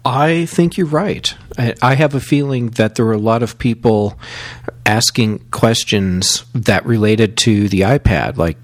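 A man's voice: medium pitch, measured pace, dry recording. A man co-hosting a casual tech podcast with a wry, agreeable manner. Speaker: podcast co-host.

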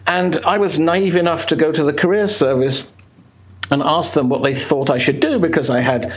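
A man's voice: a little high, moderate pace, lo-fi sound. A middle-aged man from Birmingham with a British accent, Polish his first language, telling his story in a casual, self-deprecating interview. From Birmingham, England. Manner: self-deprecating, joking, animated. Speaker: interview guest, writer.

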